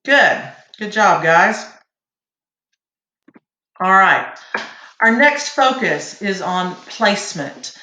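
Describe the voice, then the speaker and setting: A woman teaching a vocal warm-up lesson, patiently counting beats aloud for her students. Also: medium pitch, animated, drawn-out words, long pauses. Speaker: singing teacher. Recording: echoey room.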